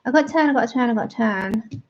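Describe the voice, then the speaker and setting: A woman's voice: a little high, quick pace, a little mellow, highs cut off, a little hiss or hum. A woman hosting a live colouring tutorial, chatting with viewers by name and laughing often as she works. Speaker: art livestream host.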